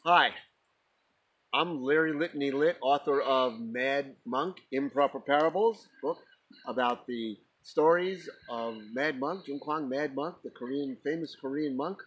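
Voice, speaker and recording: Male author telling a parable, unhurried delivery, husky voice. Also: mid-range voice, a bit bright, poor audio. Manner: slow, deliberate, breaks into laughter. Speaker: author and storyteller. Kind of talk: spoken parable storytelling.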